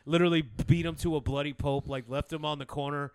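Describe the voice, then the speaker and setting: A man's voice: fairly high pitch, steady tone, quick pace, clear, resonant tone, no room sound, clean studio sound. A man telling profane stories in a casual chat, rambling, laughing often and acting out the people in them.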